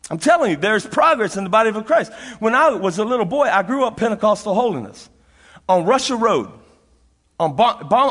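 A man's voice: high-pitched, a bit bright, breathy edge. A middle-aged man preaching a sermon as a pastor, telling folksy stories with frequent laughter and repeated phrases for emphasis. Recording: long reverb of a large hall.

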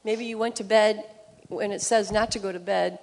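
A woman's voice: mid-range voice, steady tone, moderate pace. A woman speaking earnestly in a church sermon. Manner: earnest, speaks of trusting God. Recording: long reverb of a hall.

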